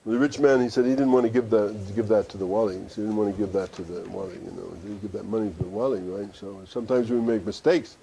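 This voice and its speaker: A man's voice: lowish voice, steady tone, fast, creaky, few pauses, mellow, a little hiss or hum. A man teaching and telling a story in a conversational way, with asides and restarts. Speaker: Sufi teacher. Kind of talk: storytelling discourse. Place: study center.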